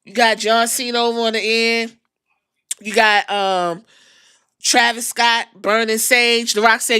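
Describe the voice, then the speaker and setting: Animated, profane woman recapping wrestling. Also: fairly high pitch, a little slow, smooth, no echo. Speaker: podcast host.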